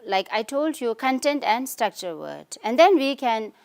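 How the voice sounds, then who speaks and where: In a recorded lesson, a woman from India's Tibetan community teaches English in a slightly high, sing-song voice that is unhurried, darkish, and touched with vocal fry. She has a Tibetan accent, explains things patiently step by step, and keeps asking "okay?" and offering "you can say."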